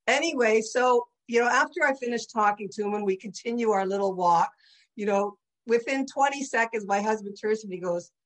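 A woman's voice: on the high side, fairly quick, low-quality recording. A woman teaching a conversational religious class. She often checks in with her listeners with "you know" and "right?". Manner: chatty, full of "you know" and "right?" asides.

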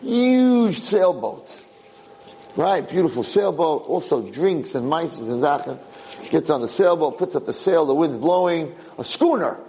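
A man lecturing and telling a parable in an animated way, mixing in Yiddish words. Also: a little high, unhurried, slight background noise, low-quality recording. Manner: animated storyteller, Yiddish-sprinkled. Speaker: Jewish lecturer.

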